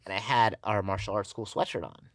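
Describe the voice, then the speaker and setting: A man's voice: fairly low pitch, steady tone, brisk, no echo, clean studio sound. A man hosting a podcast, telling stories in casual conversation with lots of "like" fillers. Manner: storytelling, filler-heavy with frequent "like". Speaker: podcast host.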